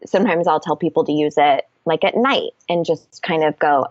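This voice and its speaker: Candid woman coach, low dry voice. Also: a little fast, hardly any pauses, dry recording, highs cut off. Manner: candid, casual, swears freely. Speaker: guest, confidence coach. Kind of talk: podcast interview, explaining a method.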